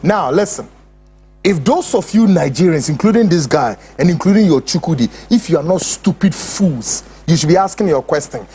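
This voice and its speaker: A man's voice: on the high side, lively intonation, normal speed, mellow, slightly rough, faint music behind. A man with a Ghanaian accent hosting a show, ranting in heated, insulting commentary. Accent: Ghanaian English. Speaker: host.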